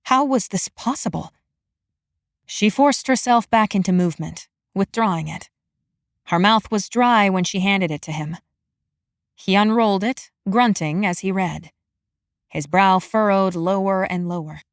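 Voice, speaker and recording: A woman narrating a fantasy romance audiobook in an even, measured storytelling manner. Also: medium pitch, no echo, studio quality.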